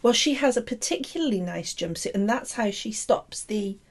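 A woman's voice: mid-range voice, animated, normal speed. A middle-aged woman co-hosting a podcast in casual chat, bawdy and teasing. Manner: bawdy, teasing, bursts into silly put-on voices. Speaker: podcast co-host.

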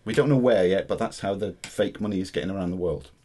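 A man's voice: sits low, fast talker, warm tone. A man co-hosting a podcast, recapping a film in casual chat with a dry, wry manner. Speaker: podcast co-host.

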